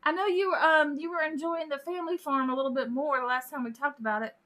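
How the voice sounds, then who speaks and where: A woman's voice: high voice, steady tone, quick pace, a bit bright. A woman hosting a casual live stream, chatting with viewers, greeting them by name and laughing often.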